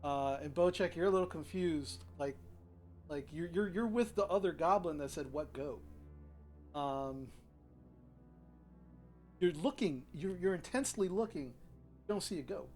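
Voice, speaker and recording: A man narrating a tabletop game as game master, describing the scene with hesitant pauses. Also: on the high side, animated, darkish tone, faint music behind. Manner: hesitant, lots of ums and restarts while describing the scene.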